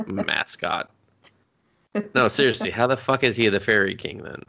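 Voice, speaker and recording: A man co-hosting a podcast in casual chat, jokey and quick to act out silly voices. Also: on the low side, animated, gravelly, sharp tone. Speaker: podcast co-host.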